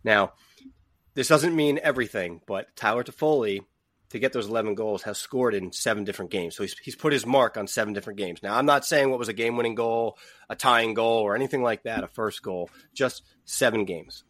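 A man on a casual sports podcast, measured as he walks through numbers. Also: fairly low pitch, a bit bright, no room sound.

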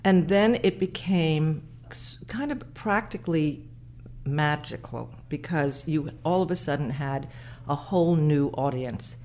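Female guest, former magazine editor, low voice, measured delivery that picks up pace. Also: a little mellow, slight background noise. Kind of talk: interview answers.

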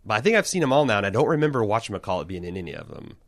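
A man's voice: fairly low pitch, big pitch swings, rapid-fire, a bit bright, no echo, clean studio sound. A man co-hosting a podcast, talking in a rambling, joking way that often stops and restarts. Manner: rambling, self-interrupting, joking. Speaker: podcast co-host. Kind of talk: casual chat.

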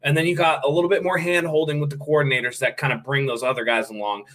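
Bright-voiced man in casual sports chat. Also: a little high, fast. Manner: animated, acts out quotes in other voices. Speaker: podcast co-host.

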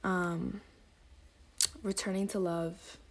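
A woman hosting a casual solo podcast, rambling with lots of "like" and "um" and sometimes slipping into soft, breathy asides. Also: lowish voice, level tone, slow pace. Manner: rambling, heavy use of "like" and "um". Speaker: podcast host.

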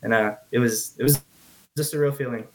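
A young man, a rugby player, answering interview questions in an earnest, halting way. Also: mid-range voice, steady tone, a little hiss or hum. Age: young adult. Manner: earnest, halting, repeats words. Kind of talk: casual interview.

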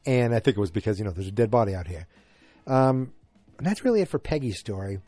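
A man casually recapping a TV episode, halting and rambling with frequent restarts. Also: on the low side, animated, mellow, dry recording. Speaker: show recap host.

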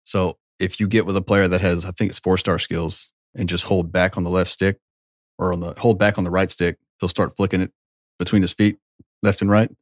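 Deep-voiced man giving emphatic advice. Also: level tone, brisk, no room sound, studio quality. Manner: emphatic, gives advice, swears. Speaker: podcast co-host. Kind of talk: casual chat.

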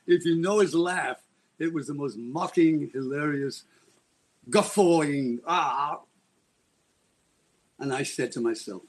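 Male interview guest, husky, a bit high, dramatic rambling storyteller. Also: unhurried, pauses often.

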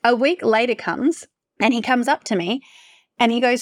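A young woman hosting a podcast, telling a story in a gushing, animated way and swearing freely. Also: a little high, normal speed. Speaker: podcast host. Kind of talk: casual storytelling.

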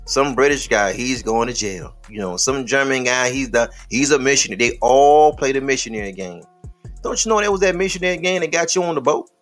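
A man's voice: medium pitch, expressive, a little fast, a bit bright. Man, podcast host, preachy commentary, rhetorical questions, faint background music. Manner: preachy, rhetorical questions, addresses listeners as beloved. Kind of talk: casual commentary.

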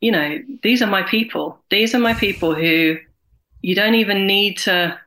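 Bright-voiced woman in her forties. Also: medium pitch, poor audio. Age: 40s. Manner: animated, acts out other people's lines in quick voices. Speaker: guest, carer and writer. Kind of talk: candid conversational interview.

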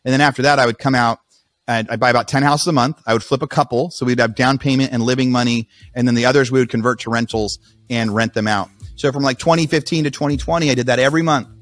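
A man's voice: medium pitch, steady tone, fast talker, no echo, faint music behind. Man telling a rambling story, dry sound. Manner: rambling, frequent restarts. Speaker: podcast host. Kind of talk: casual storytelling.

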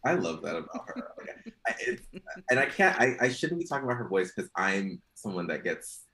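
Man, low voice, very lively pitch, giggly, gossipy chat. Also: brisk. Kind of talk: casual chat.

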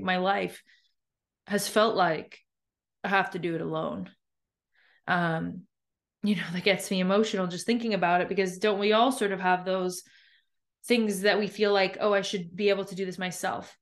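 A woman hosting a podcast, talking candidly and chattily about her own experience, with frequent fillers and restarts. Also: medium pitch. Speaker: podcast host and new author. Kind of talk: candid reflective monologue.

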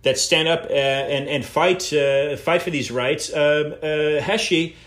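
A man's voice: a little high, steady tone, slow pace, fairly bright tone. Hesitant male host in an echoey room. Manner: hesitant, full of filler words. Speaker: show host. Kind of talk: interview.

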